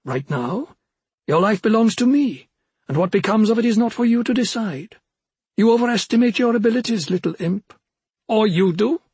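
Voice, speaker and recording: A man's voice: high voice, expressive, moderate pace, darkish tone, slightly rough, dry recording, pitched above the performer's own voice, full character voice. Man doing a cruel ancient witch. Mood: menacing. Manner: sneering, commanding. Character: cruel ancient witch, woman, menacing and scornful.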